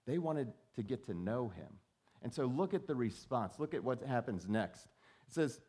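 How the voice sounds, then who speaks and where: A man's voice: mid-range voice, expressive, moderate pace, mellow, husky. A male pastor preaching in a conversational way and often putting questions to the congregation. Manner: conversational, asks the listeners questions. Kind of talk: sermon.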